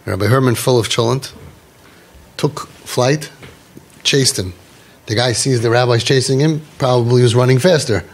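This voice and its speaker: An earnest man speaking to a group of parents, mixing storytelling with advice. He talks emphatically, circling back to repeat his key points. His voice sits at a mid pitch for a man. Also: normal speed, long pauses. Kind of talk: inspirational talk with storytelling.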